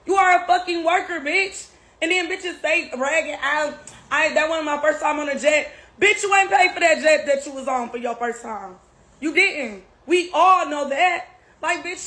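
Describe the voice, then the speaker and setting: A woman's voice: high voice, a bit bright, poor audio. A woman in angrily insulting someone, dismissive and profane. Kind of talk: heated clapback rant.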